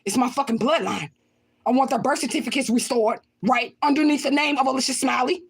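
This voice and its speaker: A woman's voice: high voice, a little fast, slightly rough. A woman hosting her own channel, reading viewer comments and answering them in blunt, profane outbursts, often repeating her lines. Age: adult with children. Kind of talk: livestream chat.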